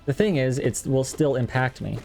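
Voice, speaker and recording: A young Texan game streamer chats casually with viewers as he plays, poking fun at himself. His voice is medium-pitched, gravelly, and dark, at normal speed, with faint game music in the background.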